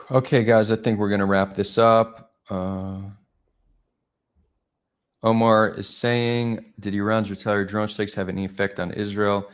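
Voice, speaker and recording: Low-voiced man hosting a live stream. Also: level tone, unhurried, clear, resonant tone. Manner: rambling, reflective, chatty with viewers. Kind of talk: casual live-stream commentary.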